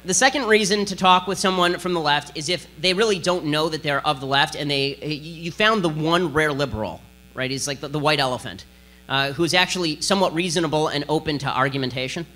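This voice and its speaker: A man giving a combative, sarcastic political speech to an audience, talking in a rapid-fire way. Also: on the high side, bright, forceful tone. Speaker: political speaker giving a lecture.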